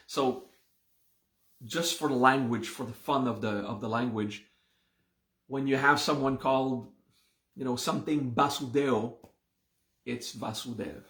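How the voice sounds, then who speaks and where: A meditation and mantra teacher explains ideas in a live online class, speaking slowly and patiently and often asking "okay?" to make sure listeners follow. His mid-range voice has a fairly bright tone and a noticeable roomy echo, as though recorded in an open space.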